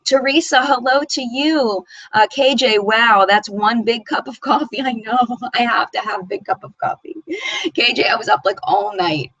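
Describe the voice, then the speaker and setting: A woman's voice: on the high side, normal speed, a bit bright, no room sound, highs cut off. A woman hosting a beauty live chat, reading viewer comments aloud and chatting in a rambling way. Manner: chatty and rambling, often laughing. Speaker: beauty channel host.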